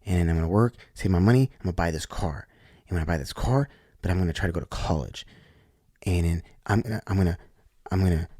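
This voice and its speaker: Deep-voiced male guest from Oklahoma, animated storyteller, dry close recording. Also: no room sound. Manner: animated, acts out quoted voices with frequent restarts. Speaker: podcast guest. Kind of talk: casual storytelling.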